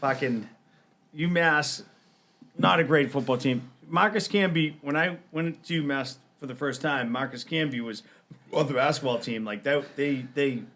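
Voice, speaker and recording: A man telling a wild story in casual podcast chat, profane and animated, shouting out the quoted lines. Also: mid-range voice, moderate pace.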